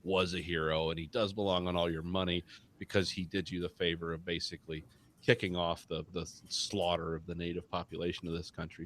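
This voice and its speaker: A man's voice: sits low, a bit bright, a little hiss or hum. A man co-hosting a podcast, chatting casually, rambling and swearing freely. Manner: rambling, profane, quotes people in put-on voices. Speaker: podcast co-host. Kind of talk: casual chat.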